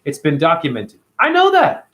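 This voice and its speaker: A man's voice: fairly high pitch, wildly swooping pitch, moderate pace, fairly bright tone. A man hosting a casual livestream, talking animatedly and profanely and answering viewers by name. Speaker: livestream host reading chat.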